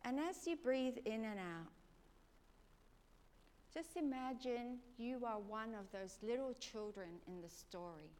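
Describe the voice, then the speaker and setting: A woman preacher leading a congregation through a gentle guided prayer meditation, asking soft questions. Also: fairly high pitch, lively intonation, a little slow. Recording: long reverb of a large hall, faint noise.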